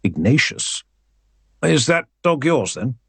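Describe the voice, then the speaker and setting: A man's voice: mid-range voice, sing-song, slow pace, vocal fry, fairly bright tone, slightly rough, dry recording, heavily acted. A man playing a flustered new newspaper editor who tries to sound firmer than he feels. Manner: flustered, trying to sound firm.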